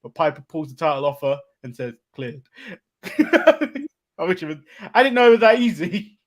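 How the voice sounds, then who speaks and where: English man recapping wrestling, slightly high. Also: animated. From England. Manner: recaps events step by step with many "uh" pauses, chuckles. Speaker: podcast co-host. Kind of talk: casual wrestling recap chat.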